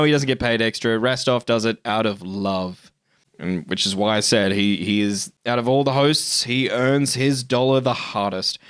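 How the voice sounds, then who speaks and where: A man's voice: mid-range voice, fairly bright tone, dry recording, studio quality. A man, hosting a live stream in casual chat, swearing and joking with frequent laughs. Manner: profane, joking, laughs often. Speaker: streamer host.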